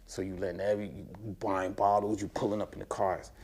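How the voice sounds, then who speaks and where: Animated, profane man telling street stories. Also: brisk, a little hiss or hum. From United States. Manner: animated storytelling, slangy and profane, voice rising high when excited. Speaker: interview guest. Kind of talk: casual conversation.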